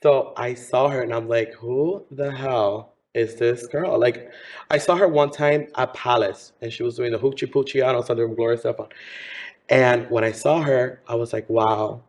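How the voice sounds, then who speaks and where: A man's voice: medium pitch, steady tone, a little fast. Campy chatty man in his thirties. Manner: campy, chatty, says honey. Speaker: drag performer guest. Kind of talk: casual interview chat.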